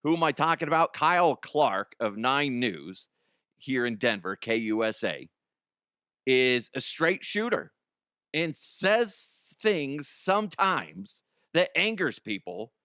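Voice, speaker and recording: A man's voice: medium pitch, big pitch swings, takes it slowly, sharp tone, clear, resonant tone, no room sound, clean studio sound. A man hosting a comedy podcast in casual, rambling chat, laughing often and swearing. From Colorado. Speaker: podcast host.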